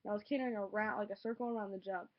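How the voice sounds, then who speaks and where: A woman's voice: medium pitch, steady tone, very fast. A teenage girl vlogging casually, ranting in an exasperated way with lots of fillers. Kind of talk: casual vlog monologue. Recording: dull lo-fi home recording.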